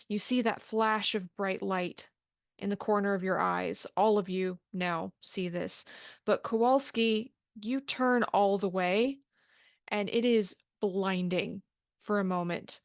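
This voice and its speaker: Slow-narrating woman game master. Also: mid-range voice, no room sound, clean studio sound. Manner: measured, descriptive narration. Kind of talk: narrating a tabletop horror game.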